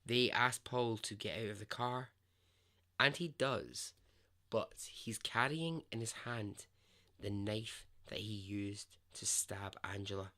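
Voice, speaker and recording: A man's voice: lowish voice, slow, sharp tone. A man hosting a podcast, telling a true story in a conversational, emphatic way and swearing freely. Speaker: podcast host.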